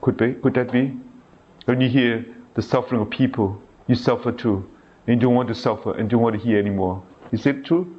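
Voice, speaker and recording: A man's voice: medium pitch, fairly even intonation. Man preaching in a dull lo-fi recording. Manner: halting, repeats words, asks listeners rhetorical questions. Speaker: priest. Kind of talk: sermon reading a diary aloud with commentary.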